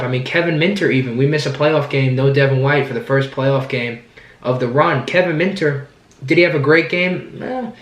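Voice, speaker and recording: A man recapping a football season in an enthusiastic, rambling fan vlog, often repeating himself. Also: medium pitch. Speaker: sports fan vlogger. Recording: roomy echo.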